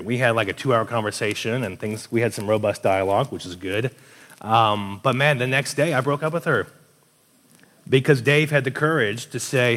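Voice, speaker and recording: A man's voice: mid-range voice, moderate pace. A young man giving casual relationship advice, telling stories and acting out the voices of people he quotes. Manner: animated storyteller, acts out quoted voices. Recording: long hall reverb.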